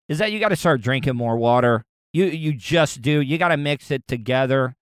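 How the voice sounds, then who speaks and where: A man's voice: on the high side, smooth, no room sound, clean studio sound. A man from the United States rants to his viewers in a rambling, profane monologue, often stammering and repeating words. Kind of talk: ranting monologue.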